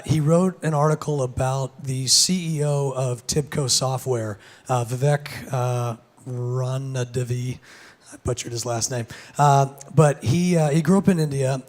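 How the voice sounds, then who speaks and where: A man with a hoarse, gravelly voice giving a casual keynote talk on a conference stage, with many fillers and restarts. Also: mid-range voice. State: hoarse, lost voice. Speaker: conference speaker.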